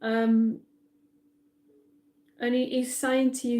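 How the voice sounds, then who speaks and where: A woman's voice: on the high side, steady tone, a little slow, mellow. A middle-aged woman, a psychic medium, giving a reassuring live-stream reading and often checking in with "all right?".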